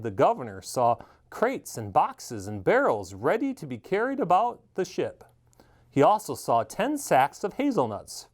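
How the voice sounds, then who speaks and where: A man reading a children's story aloud, animated and expressive. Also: medium pitch.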